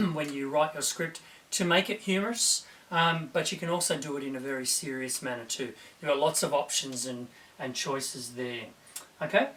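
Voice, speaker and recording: A male teacher giving a recorded video lesson to his students, encouraging and often clearing his throat. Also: on the high side, fairly bright tone, far from the mic.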